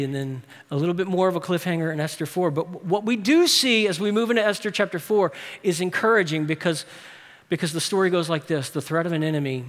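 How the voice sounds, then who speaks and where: A man preaches in a church sanctuary, his voice sitting high for a man. He builds to loud, urgent peaks, then drops into hushed, low asides. A long reverb from the hall trails each phrase. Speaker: pastor. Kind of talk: sermon.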